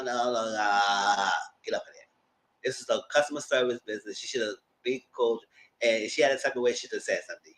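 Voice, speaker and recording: A man's voice: medium pitch, rough recording. A man hosting a live TV review show, recapping episodes in a slangy, gossipy way. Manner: animated, slangy, gossipy retelling. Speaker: TV review host.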